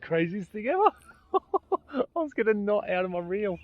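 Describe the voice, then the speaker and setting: An Australian man fishing from a kayak outdoors, narrating to an action camera and bursting into excited exclamations. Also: sits high, moderate pace, phone-quality sound, slight background noise. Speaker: fishing vlogger. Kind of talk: casual fishing commentary. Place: outdoors on a kayak on open water.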